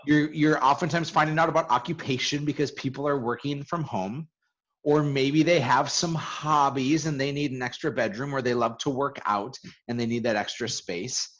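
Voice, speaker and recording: A mid-pitched man talking shop in a casual coaching webinar. He jumps into sentences and repeats his first words before settling. The audio is dull and lo-fi. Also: fairly even intonation, fairly bright tone. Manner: quick, repeats words when starting. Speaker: real estate coach co-hosting a webinar.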